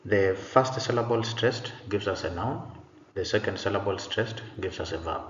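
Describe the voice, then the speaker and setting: A man teaching an English pronunciation lesson, speaking slowly and deliberately and saying each example word twice. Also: lowish voice. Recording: roomy, dull sound with faint noise.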